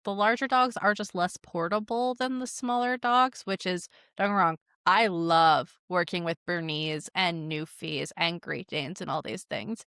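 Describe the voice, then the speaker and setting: A woman's voice: on the low side, a little slow, few pauses, sharp tone, clean tone, no echo. Young woman dog trainer rambling casually, lots of "like", dead dry recording. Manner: chatty, frequent "like", amused asides. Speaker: dog trainer and podcast host. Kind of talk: casual commentary reading online posts.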